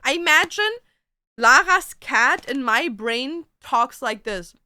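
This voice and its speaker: A woman with a high, bright voice chats casually on a live stream from her home. She talks at an unhurried pace, slipping into playful sing-song baby talk for her cats and tossing in casual swearing. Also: animated, smooth. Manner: swears casually, drawn-out joking phrases.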